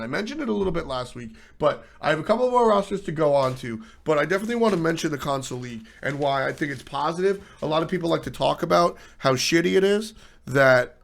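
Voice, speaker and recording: A gravelly male voice on the high side belongs to the host of a casual esports livestream talk show. He's animated, blunt and foul-mouthed, riffing and replying to chat.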